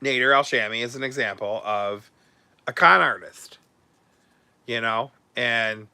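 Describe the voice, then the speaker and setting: A man's voice: medium pitch, bright, forceful tone, dry recording. A male host chatting casually on a livestream, blunt and sarcastic with crude language.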